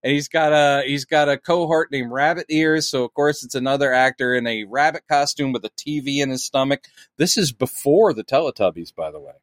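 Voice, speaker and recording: A man's voice: mid-range voice, fairly quick, no echo, clean studio sound. A man co-hosting a podcast, telling a story in casual chat and acting out quotes. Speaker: podcast co-host.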